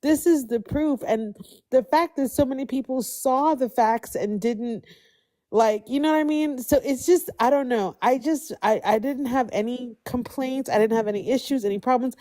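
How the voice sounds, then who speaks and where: A woman's voice: a little high, moderate pace, mellow. A woman speaking up on a live stream, emotional and grateful, rambling with many restarts. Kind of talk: heartfelt casual chat.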